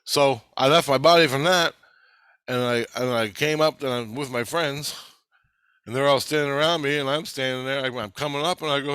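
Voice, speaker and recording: A man's voice: medium pitch, brisk, a bit bright, clear, resonant tone, no echo. A man speaking in a casual, rambling monologue, blunt and full of swearing. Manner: blunt, heavily profane, rambling with restarts. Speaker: channel host.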